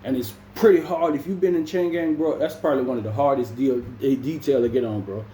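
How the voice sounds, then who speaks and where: A man's voice: mid-range voice, brisk, dark tone, a little hiss or hum. A man from Jamaica casually telling a prison story in slangy talk, calling the listener "bro" again and again. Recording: echoey room with faint ambience.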